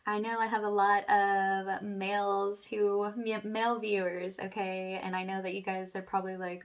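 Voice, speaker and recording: A woman leading a guided spiritual workshop, chatty and casual, filling her talk with "like" and "okay", dropping to a soft hush for meditation. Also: medium pitch, level tone, moderate pace, few pauses. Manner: chatty, says "like" and "okay" often; soft, hushed when guiding meditation.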